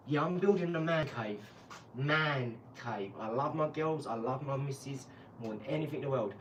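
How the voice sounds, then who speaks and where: A man, hosting a casual live stream and telling lively, laughing stories with some swearing, from an empty garage. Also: medium pitch, moderate pace. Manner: animated storyteller, laughs, swears. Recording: roomy, distant mic, faint noise.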